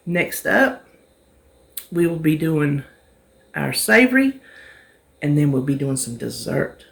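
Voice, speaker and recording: Her deep voice is very animated but slow-paced, marked by vocal fry. Cooking on camera as a vlogger from North Carolina, US, she keeps things chatty and homey, guiding the viewer step by step through a casual demo.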